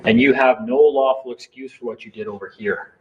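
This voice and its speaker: A man's voice: mid-range voice, fairly even intonation, fairly quick. A man telling a heated, defiant story in a casual late-night chat, swearing freely. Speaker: live stream participant. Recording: dull lo-fi sound with faint noise.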